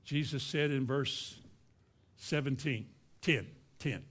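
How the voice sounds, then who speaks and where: A man's voice: mid-range voice, takes it slowly, breathy edge. A man preaching a sermon in a folksy way, acting out little scenes and asking his listeners questions. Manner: folksy, acts out boastful voices, asks the congregation questions.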